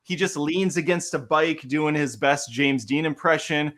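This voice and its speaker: Bright-voiced wry Midwestern man. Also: fairly high pitch, steady tone, a little slow. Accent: Midwestern American. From Minnesota. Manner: wry, sarcastic, teasing. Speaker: podcast co-host. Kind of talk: casual movie review chat.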